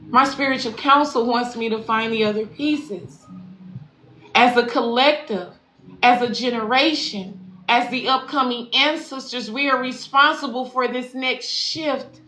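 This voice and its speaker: In an echoey room with a little background noise, a woman spiritual life coach closes out her live stream to followers. Her voice is on the high side, pushed and bright, and unhurried. She's slangy, profane, and affirming, repeating phrases for emphasis.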